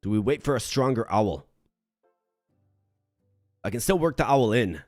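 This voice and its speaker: A man from Minnesota, United States, live-streams a game, chatting with viewers and reasoning through his moves out loud. He's animated when greeting chat but low and muttering while he plans, speaking a little slowly. The sound is clean studio quality with no echo and faint music behind.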